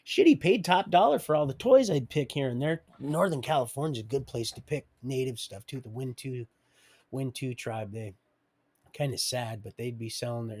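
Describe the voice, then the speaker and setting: A man's voice: medium pitch, darkish tone. A middle-aged man telling his own life story on a live stream, digressive and loose, chuckling as he goes. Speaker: livestream storyteller. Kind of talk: rambling personal storytelling.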